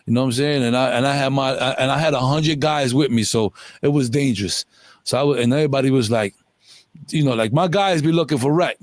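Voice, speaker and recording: A man's voice: medium pitch, quick pace, dry recording. A middle-aged man telling a long story in an interview, rambling in profane street slang. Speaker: interview guest.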